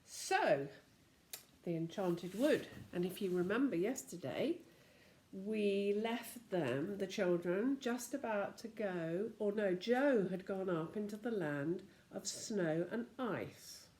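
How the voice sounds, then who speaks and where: An older woman, a grandmother, reads a storybook aloud to her grandchildren in an expressive storytelling manner. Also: mid-range voice, slow.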